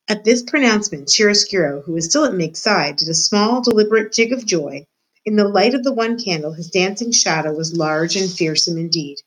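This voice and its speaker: A woman's voice: on the low side, normal speed, poor audio. Woman reading a storybook aloud. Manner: expressive, addresses the listener directly. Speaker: teacher reading to students. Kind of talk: storybook read-aloud narration.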